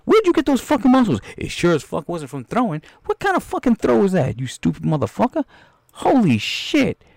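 A man's voice: mid-range voice, lightly acted. A man voicing a bossy, foul-mouthed film director who coaches and then berates an actor. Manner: yelling, berating, profane. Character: angry loudmouth male film director.

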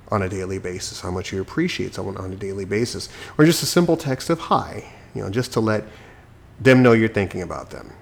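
With a lowish, gravelly voice and slight background noise, a man on the mend from illness talks alone into a desk mic for his own podcast. He's sick but chatty, a bit preachy, and quick to mock himself.

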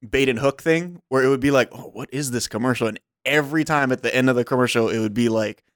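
A man's voice: mid-range voice, fast, clear, resonant tone, no room sound, clean studio sound. A man co-hosting a podcast, joking and telling stories in casual chat. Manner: joking, storytelling with acted-out quotes. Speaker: podcast co-host. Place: small home studio.

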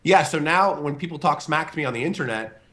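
A man, a show host, telling a casual animated story on a video call, with many fillers, acting out the voices of the people in it. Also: a little high, fast.

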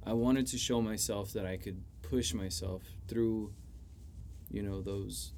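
A man's voice: on the low side, fairly even intonation, measured pace, darkish tone, slight background noise. A young man, a chef, talking casually on a podcast, swearing freely and leaning on "you know". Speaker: chef guest.

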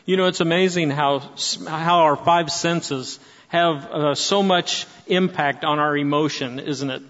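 A man's voice: a little high, fairly even intonation, a little slow, fairly bright tone. A man in his sixties speaking to an audience, telling stories with frequent restarts. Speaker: speaker at a church gathering. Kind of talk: preaching-style talk to an audience. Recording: dull sound with long hall reverb.

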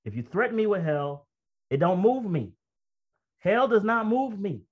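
A male preacher with a somewhat high voice delivers a sermon, slowly reading quotations aloud and then breaking into lively, emphatic commentary. The recording is dull and lo-fi, with muffled highs. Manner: reads quoted text slowly, then comments conversationally and emphatically, often laughing. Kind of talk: sermon with read-aloud quotations and personal stories.

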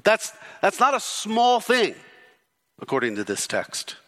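A male pastor preaching an expository sermon, emphatic, with repeated rhetorical questions and sudden drops into low, intense delivery. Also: wildly swooping pitch, a little slow, a bit bright.

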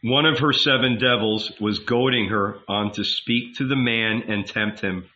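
Audiobook narrator, male, measured, bright tone, slightly muffled recording. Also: fairly low pitch, fairly even intonation, a little hiss or hum. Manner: measured, unhurried. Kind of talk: audiobook reading.

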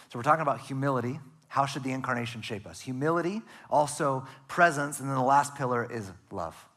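A man preaching a sermon as pastor, earnest, often dropping to a soft, hushed delivery for emphasis. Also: mid-range voice.

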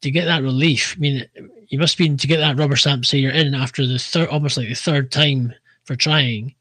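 A man hosting an interview who asks long, rambling questions, breaking off and restarting as he goes. His voice sits at a medium pitch and is recorded dry and close, with no room sound. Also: fairly even intonation, brisk, sharp tone, no echo. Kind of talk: casual interview.

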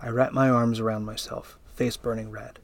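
A man reading a first-person story aloud in a steady, even narrating voice. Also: mid-range voice, moderate pace, no echo.

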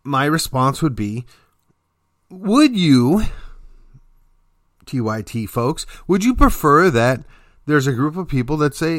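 A man's voice: a little high, very animated, slow pace, pauses often, a bit bright, dry recording, studio quality. A man hosting a political commentary show, delivering an emphatic opinion monologue with sarcastic asides.

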